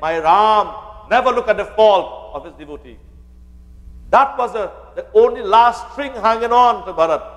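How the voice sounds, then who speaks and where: A man's voice: sits high, lively intonation, moderate pace, fairly bright tone, long reverb tail, poor audio. A male pandit giving a sermon on the Ramayan, speaking to the devotees and quoting scripture. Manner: addresses listeners as devotees, quotes scripture.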